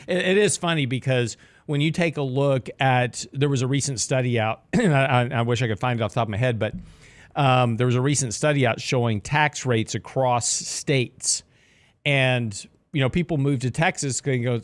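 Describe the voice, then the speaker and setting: Chatty finance show host. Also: male voice, mid-range voice, moderate pace, dry recording. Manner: chatty, explanatory, joking asides. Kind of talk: radio talk commentary.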